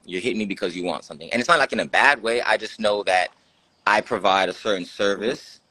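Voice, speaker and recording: A man's voice: on the low side, quick pace, bright, forceful tone, dry recording. A man hosting a live stream, talking bluntly and profanely in casual chat, mocking others as he quotes them.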